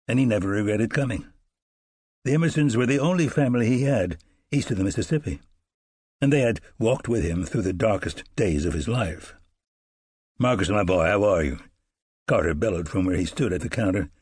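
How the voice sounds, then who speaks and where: A man narrating an audiobook in a measured, unhurried storytelling manner. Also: on the low side, darkish tone, breathy edge, dry recording, clean studio sound.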